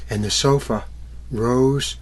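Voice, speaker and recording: A man telling a fairy tale to children at a library event, acting out the characters and sound effects with lively energy. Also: medium pitch, takes it slowly, very noisy. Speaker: musical storyteller. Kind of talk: storytelling for children.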